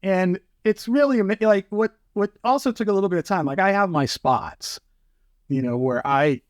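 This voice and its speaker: A man telling fishing stories as a podcast guest, in casual chat, animated and full of fillers. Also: sits high, moderate pace, dry recording, studio quality. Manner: animated, acts out quotes, many fillers.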